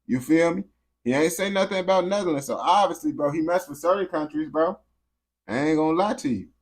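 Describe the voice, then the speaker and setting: This brisk young streamer banters with a game character in thick slang, alternating low mutters with bursts of excited yelling.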